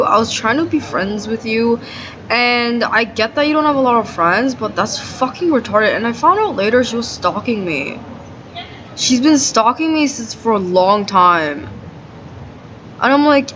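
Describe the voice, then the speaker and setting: A woman's voice: medium pitch, fairly bright tone. A woman ranting in a video diary, venting her grievances in a profane, aggrieved way and saying "like" again and again. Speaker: video diarist. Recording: dull lo-fi audio with noisy background.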